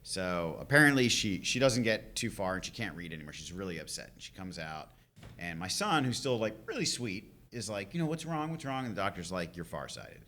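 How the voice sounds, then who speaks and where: Lively low-voiced man telling stories. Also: brisk. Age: 40s. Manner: animated storyteller, laughing often. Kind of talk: casual live podcast chat.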